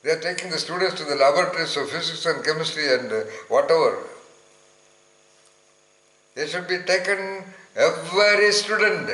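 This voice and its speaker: A man's voice: fairly high pitch, a little fast, pauses often, fairly bright tone. Emphatic man in an echoey room. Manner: emphatic, rambling, searches aloud for words with fillers. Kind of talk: informal spiritual talk to listeners.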